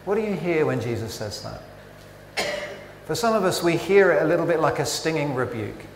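A man with a voice on the high side preaches fairly quickly against background noise, his words echoing with long church reverb. He's conversational, self-interrupting and fond of animated rhetorical questions.

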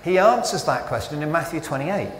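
A man's voice: a little high, a little fast, a little hiss or hum. A man preaching a sermon in a church, conversational and full of rhetorical questions. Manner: conversational, self-interrupting, animated rhetorical questions. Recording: echoey church with long reverb.

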